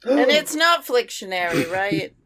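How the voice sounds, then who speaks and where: A woman's voice: fairly high pitch, big pitch swings, measured pace, fairly bright tone. A woman co-hosting a podcast in casual chat, teasing her friends and laughing often. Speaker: podcast co-host.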